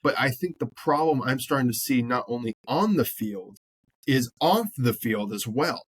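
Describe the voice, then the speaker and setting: A man's voice: medium pitch, expressive, normal speed, breathy edge, dry recording. A man co-hosting a sports podcast, talking bluntly and animatedly and swearing freely as he acts out quotes. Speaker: podcast co-host. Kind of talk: casual sports chat.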